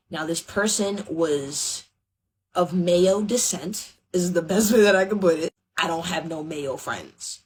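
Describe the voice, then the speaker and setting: Slangy young woman with a lowish voice. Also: slight background noise. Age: about 20. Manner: relaxed, slangy, wry storytelling. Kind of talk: casual dream story.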